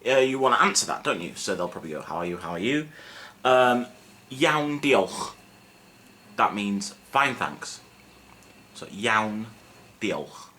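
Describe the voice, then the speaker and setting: A young man teaching a casual video lesson in a relaxed, self-mocking, chatty way with lots of fillers. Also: lowish voice, unhurried. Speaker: Welsh language teacher. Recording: faint background noise.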